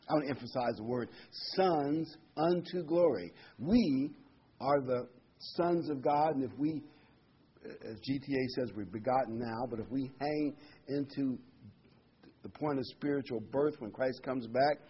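A man preaching a conversational sermon, reading scripture slowly and with emphasis. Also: mid-range voice, breathy edge. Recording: dull lo-fi recording.

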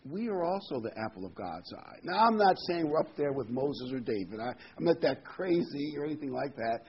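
A man's voice: a little high, big pitch swings, a little fast, breathy edge. Folksy rambling preacher man, lo-fi. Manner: folksy, rambling with self-corrections. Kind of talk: sermon. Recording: dull lo-fi recording, faint background hiss.

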